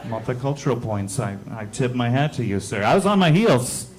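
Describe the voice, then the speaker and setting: A man performing a stand-up comedy set on a club stage into a handheld mic, telling stories deadpan and acting out the voices of the people in them. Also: medium pitch, brisk, background noise. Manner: deadpan storytelling with acted-out voices.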